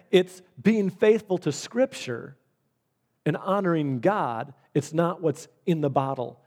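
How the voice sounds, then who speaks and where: A man's voice: medium pitch, a little mellow. A man preaching a sermon, telling a personal story in an earnest way with frequent restarts. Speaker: pastor.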